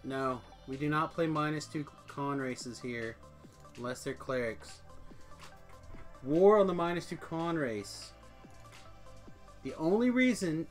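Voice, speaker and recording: A young man streaming a game, joking excitedly with friends, loud one moment and mumbling the next. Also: fairly high pitch, slow pace, long pauses, soft background music. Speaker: live streamer. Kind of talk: casual stream chat during gameplay.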